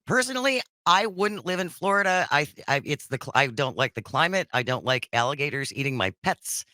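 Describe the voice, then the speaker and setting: Lively woman radio co-host. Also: sits low, no echo, clean studio sound. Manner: lively, quick to laugh, opinionated. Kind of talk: call-in radio talk.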